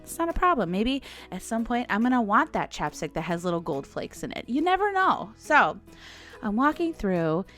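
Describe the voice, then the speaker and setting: A woman's voice: on the high side, moderate pace. Lady in her 40s chatting on a podcast, voice bouncing all over, bit of music under it. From United States. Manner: animated, chatty, laughs often, acts out quotes. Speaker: podcast host. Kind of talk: casual storytelling monologue.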